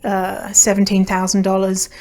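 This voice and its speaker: A young Canadian woman hosts a solo podcast in a mid-range, darkish, monotone voice at normal speed. She's chatty and blunt, swears freely, and laughs as she talks.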